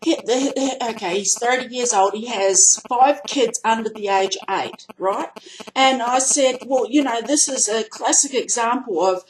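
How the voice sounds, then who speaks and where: A fairly high-voiced Australian woman delivering an angry vlog rant. She talks bluntly and swears freely, and her voice climbs into loud, heated outbursts. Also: unhurried, a little hiss or hum, rough recording.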